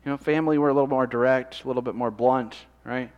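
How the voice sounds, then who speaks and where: A man's voice: medium pitch, steady tone, fast, darkish tone, clean tone, long reverb tail, highs cut off. A man preaching a sermon in a conversational way, often asking the congregation questions. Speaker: pastor.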